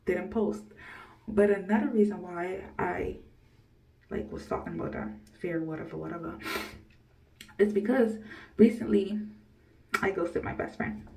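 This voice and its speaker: Medium in pitch, creaky, and mellow, her voice is unhurried and full of pauses. She's a young woman in her early twenties vlogging with blunt, rambling candor, cursing without thinking and laughing a lot, slightly distant from the microphone.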